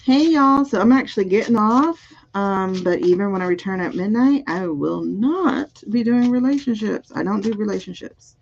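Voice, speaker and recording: A woman's voice: mid-range voice, normal speed, few pauses, darkish tone, a little hiss or hum. A woman doing a live-streamed spiritual card reading, musing aloud over the cards and chatting with viewers. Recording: dull, muffled audio.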